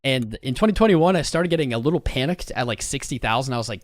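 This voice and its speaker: A man hosts a live stream, rambling casually and talking straight to his chat viewers in a frank, joking way. His medium-pitched voice is expressive and fast, with clean, echo-free studio sound.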